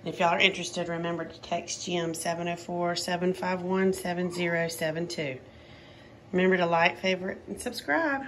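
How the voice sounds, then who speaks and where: A woman showing a litter of puppies in a casual vlog, talking softly and often dropping to a cooing whisper. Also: fairly low pitch, normal speed, a little hiss or hum. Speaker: dog breeder showing puppies.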